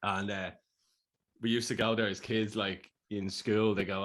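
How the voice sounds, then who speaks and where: A man's voice: lowish voice, fairly even intonation, slow, fairly bright tone. A man with an Irish accent co-hosting a podcast, chatting casually and telling rambling, jokey stories. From Ireland. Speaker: podcast co-host.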